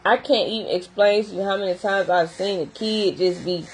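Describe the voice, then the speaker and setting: A woman's voice: medium pitch, fairly even intonation, moderate pace, slight background noise, poor audio. A young adult woman who works in behavior therapy, talking casually and animatedly straight to her viewers. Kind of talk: casual talk to camera.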